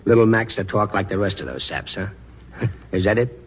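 An actor playing a bitter, grieving ground crew sergeant in 1940s radio acting, curt and sarcastic. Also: male voice, lowish voice, animated, moderate pace, lo-fi sound, a little hiss or hum, lightly acted. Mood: sullen.

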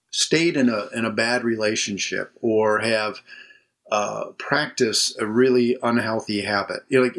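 A man's voice: mid-range voice, a bit bright. A man working as a mental health counselor, chatting as an interview guest from a room at home, rambling and restarting his sentences. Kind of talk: casual interview conversation.

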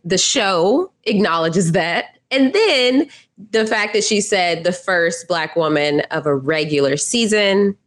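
A woman co-hosts a casual recap podcast, bubbly and quick to laugh. Her talk runs on quickly with lots of fillers. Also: lowish voice, expressive. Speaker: podcast co-host.

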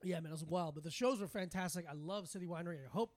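A man co-hosting a comedy podcast, chiming in with quick jokes and easy laughter in casual chat. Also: sits high, darkish tone, no echo.

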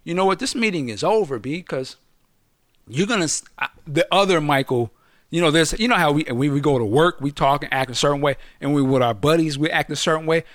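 A middle-aged man telling a story in casual podcast chat, slangy and swearing, acting out the quotes loudly. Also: a little high, a little fast, no room sound, studio quality.

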